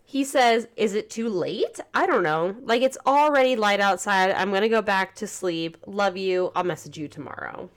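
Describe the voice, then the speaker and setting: Woman podcast host, earnest, reads texts out loud flat and steady. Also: medium pitch, moderate pace, few pauses. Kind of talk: casual chat, reading messages aloud.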